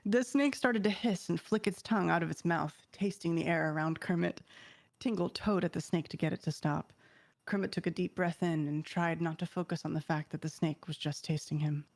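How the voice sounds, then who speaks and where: A woman with a fairly low voice reading a story aloud with mock seriousness. The sound is close and dry, with no room behind it. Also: fairly even intonation, a little fast, no echo. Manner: reads with mock seriousness, breaking into laughter. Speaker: streamer reading fan fiction.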